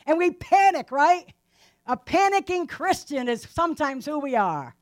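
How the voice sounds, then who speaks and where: A woman's voice: high-pitched, big pitch swings, measured pace. A woman teaching a Bible passage in a casual, conversational sermon, often asking her listeners rhetorical questions and adding "right?" to her lines. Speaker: preacher.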